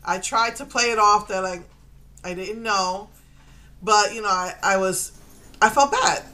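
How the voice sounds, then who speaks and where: Bright-voiced emotional middle-aged woman. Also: medium pitch, unhurried. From Puerto Rico. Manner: emotional, rambling, with restarts. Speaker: vlogger. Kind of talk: personal confessional monologue.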